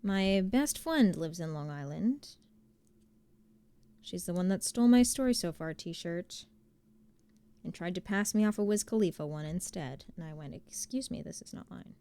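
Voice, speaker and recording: A woman's voice: lowish voice, expressive, a little slow, long pauses, warm tone, smooth, no echo. A young woman from New Jersey, streaming and chatting casually with her viewers, rambling with lots of fillers. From New Jersey, USA. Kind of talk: casual chat reading viewer messages.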